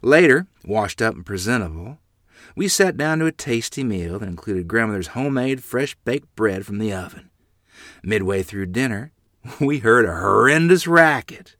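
A man narrating a read-aloud story in an expressive, good-humored manner. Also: on the low side, moderate pace, no room sound, clean studio sound.

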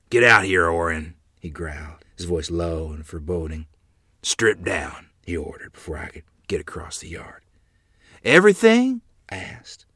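A man narrating a memoir story aloud in an earnest, expressive manner. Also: low voice, slightly rough, no echo, studio quality.

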